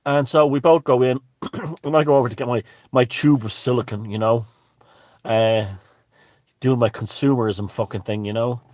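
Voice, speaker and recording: A man's voice: medium pitch, steady tone, normal speed, darkish tone, dry recording, studio quality. A man telling a story in a rambling, heavily profane monologue full of restarts. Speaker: vlogger.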